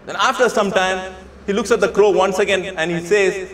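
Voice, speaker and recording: High-voiced man lecturing in an echoey hall. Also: brisk, a bit bright. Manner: emphatic, repeats phrases, asks rhetorical questions. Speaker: speaker addressing students. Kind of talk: lecture with storytelling. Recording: echoey room with faint ambience.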